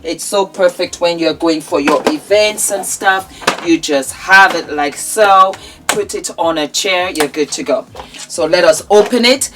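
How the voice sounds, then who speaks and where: A woman's voice: fairly low pitch, measured pace, noisy background. A woman with a Nigerian accent presenting products in a chatty vlog, effusive and fond of calling viewers "my darling".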